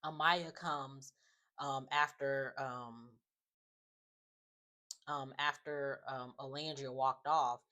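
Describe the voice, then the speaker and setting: A woman's voice: very deep voice, fairly even intonation, slow pace, long pauses, bright, forceful tone. A woman giving a casual, opinionated recap of a reality show, chatting loosely with many fillers. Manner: chatty, opinionated, often says "just like" and "um".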